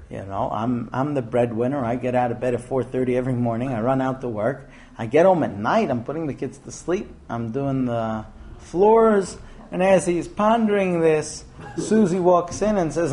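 A man's voice: medium pitch, normal speed, darkish tone. A man giving a humorous talk to an audience, telling stories, acting out quotes and making numbered points. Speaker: speaker giving a talk on marriage.

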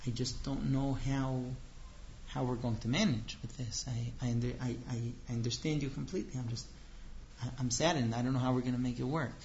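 A man's voice: medium pitch, steady tone, a little fast, darkish tone, echoey room, a little hiss or hum, voice pushed down, natural voice. A man doing a sad, stammering husband. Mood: saddened. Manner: hesitant, stammering, subdued. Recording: dull lo-fi recording.

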